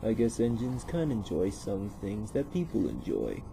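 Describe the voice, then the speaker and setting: A man voices a polite male engine that speaks mildly and earnestly. Its tone is fairly low but moves around, with some gravel in it. A steady hiss runs behind. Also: measured pace, heavily acted.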